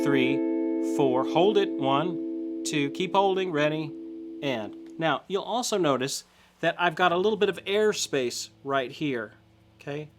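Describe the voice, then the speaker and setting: A man's voice: fairly high pitch, unhurried. A middle-aged man teaching a guitar lesson step by step, encouraging and counting along, often checking in with "okay?".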